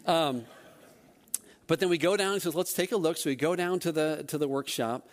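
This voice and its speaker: A male church elder telling a personal story with self-deprecating humor and animated delivery. His voice sits a little high for a man. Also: normal speed.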